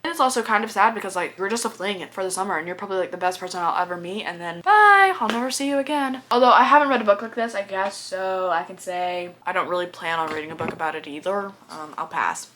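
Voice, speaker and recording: A woman's voice: mid-range voice, fast, hardly any pauses, sharp tone, a little hiss or hum. Young woman, book vlogger, casual and opinionated, mid-range voice, playful. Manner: chatty, opinionated, playful, gushing.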